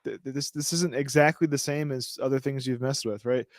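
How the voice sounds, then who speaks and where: A man's voice: medium pitch, steady tone, fairly quick, no echo, clean studio sound. A man co-hosting a casual podcast, reading news aloud with slangy jokes and cheerfully stumbling over his words. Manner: joking, slangy, trips over words and laughs it off. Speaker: podcast co-host.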